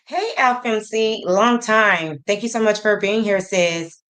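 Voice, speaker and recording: A woman hosting a casual livestream, greeting her chat by name and reading messages aloud slowly. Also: medium pitch, fairly bright tone. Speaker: livestream host.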